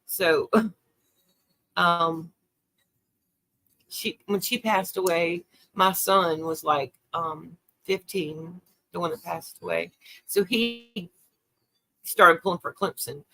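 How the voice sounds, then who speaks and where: A woman's voice: lowish voice, takes it slowly, pauses often, a bit bright. An older woman, hosting a casual livestream, talking tearfully and answering viewer comments. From South Carolina. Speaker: livestream host.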